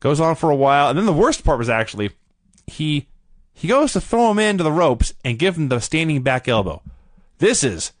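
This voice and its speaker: A man co-hosting a podcast, reviewing old wrestling in casual, wry, animated chat. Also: fairly high pitch, fairly quick, no room sound. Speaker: podcast co-host.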